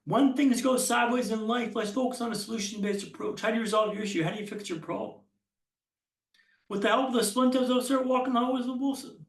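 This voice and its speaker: A man giving a keynote speech as a storyteller, with punchy lines, dramatic pauses and self-deprecating humor. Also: extremely high pitch, echoey room, distant mic. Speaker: keynote speaker. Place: conference hall stage.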